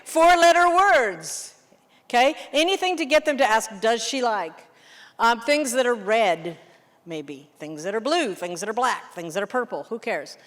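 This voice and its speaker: Lively woman teaching in a reverberant hall. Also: fairly high pitch. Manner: lively, animated teacher, quick questions to the room. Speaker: English teacher. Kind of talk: teacher workshop demonstration.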